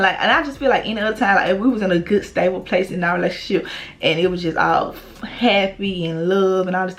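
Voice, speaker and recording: A woman's voice: medium pitch, fast talker. A young woman vlogger, telling a blunt, profane story in casual storytime style.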